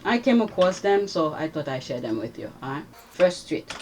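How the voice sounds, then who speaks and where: A woman's voice: low voice, sing-song, moderate pace, slight background noise. A woman hosting a casual commentary vlog, rambling and chatty with many fillers as she reacts to social media posts.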